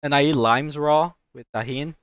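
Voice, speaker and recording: A young woman co-hosting a podcast, telling a story in a casual, animated way, swearing and acting out voices. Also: low-pitched, moderate pace, no room sound. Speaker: podcast co-host.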